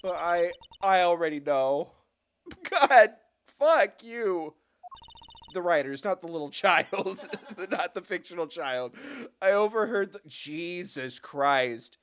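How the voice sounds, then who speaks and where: A man streaming a game live, expressive and swearing, with frequent laughs and loud outbursts. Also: a little high, unhurried, hardly any pauses, clean tone. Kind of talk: live gaming commentary. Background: faint game music.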